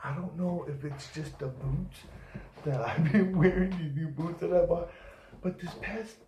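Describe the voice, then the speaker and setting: Guy talking casual and salty, voice a bit high, lots of room echo. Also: fairly even intonation, a little slow, a little mellow, a little hiss or hum. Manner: profane, rambling, acts out quoted voices. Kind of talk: casual storytelling. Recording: echoey room.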